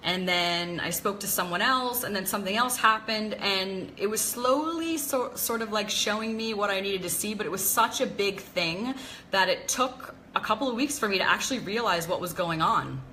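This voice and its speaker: Live-stream host, woman: bright tone, confessional chatter over a faint hiss. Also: medium pitch, moderate pace, poor audio. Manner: chatty, confessional, greets viewers by name. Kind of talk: casual live-stream talk.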